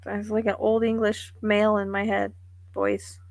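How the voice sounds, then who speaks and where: A woman's voice: medium pitch, flat delivery, normal speed, gravelly, darkish tone, dry recording. A woman psychic medium giving a live reading, thinking aloud in a musing, tentative way.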